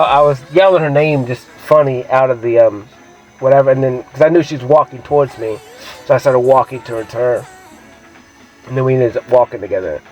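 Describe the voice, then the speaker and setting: A man's voice: mid-range voice, poor audio. A young man telling a rambling, profane personal story in a casual monologue, brash and self-assured, with lots of filler words. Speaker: vlogger.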